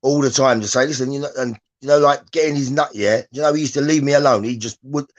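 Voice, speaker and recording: A man talking as a guest in casual chat, emphatic and halting, restarting his sentences often. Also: mid-range voice, steady tone, lo-fi sound. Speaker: podcast guest, former prisoner.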